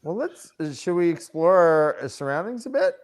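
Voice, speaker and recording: A man's voice: a little high, expressive, normal speed. A man playing a tabletop role-playing game, chatting casually and asking about rules with an easygoing manner. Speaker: player.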